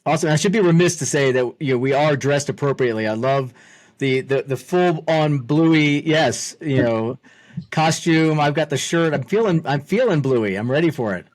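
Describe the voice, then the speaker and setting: A man's voice: fairly high pitch, lively intonation, normal speed. A man co-hosting a casual business talk show, chatty and upbeat, often restarting his sentences. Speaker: co-host. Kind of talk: casual business podcast chat.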